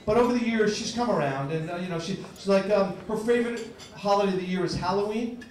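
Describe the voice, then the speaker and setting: A man's voice: sits high, fast, a little mellow. A man in his fifties from New Jersey doing a stand-up comedy set, stammering and restarting before dry, self-deprecating punchlines. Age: 50s. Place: comedy club stage. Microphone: stage mic in a club. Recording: echoey club recording from far off, crowd noise. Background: audience laughter.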